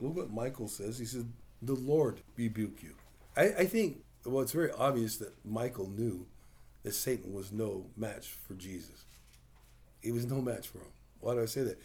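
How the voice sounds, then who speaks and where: A pastor gives a relaxed, conversational sermon, often asking his listeners questions and answering them himself. His voice sits at a middle pitch with a warm, mellow tone. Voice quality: plain-spoken, uses rhetorical questions.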